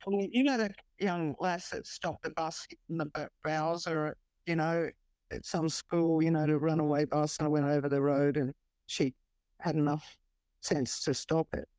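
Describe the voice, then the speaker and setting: A woman's voice: low-pitched, fairly even intonation, normal speed, darkish tone, no room sound. A woman guest on a podcast interview, speaking bluntly and matter-of-factly and laughing at herself. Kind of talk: casual interview chat.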